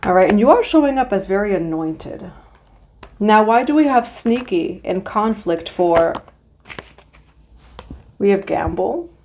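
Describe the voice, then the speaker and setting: A woman's voice: medium pitch, animated, a little slow, vocal fry, long pauses, a little mellow, slight background noise. A woman giving a casual, affirming tarot reading, talking straight to the viewer and now and then singing a line of a song. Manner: chatty, affirming, sings snatches of songs. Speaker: tarot reader.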